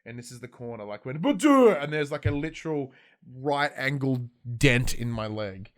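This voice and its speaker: With a mid-range voice at a moderate pace, this Australian podcast host in his thirties chats casually, animating his stories by acting out quotes. The recording is dry and of studio quality.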